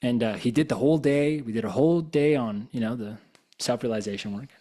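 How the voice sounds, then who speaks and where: A man's voice: mid-range voice, brisk, mellow. A man giving a casual spiritual talk as a coach and guest speaker, telling stories conversationally with lots of "you know". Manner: casual, conversational, acts out quoted dialogue; loose and informal, with fillers like "you know". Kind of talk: live motivational talk with storytelling.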